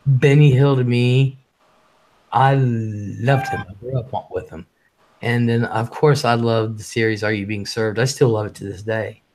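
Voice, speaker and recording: A blunt man hosting a live stream in casual chat. He talks fast and swears freely, and his voice sits at a middling pitch. He reads chat messages out between his own remarks. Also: steady tone, a little mellow, a little hiss or hum.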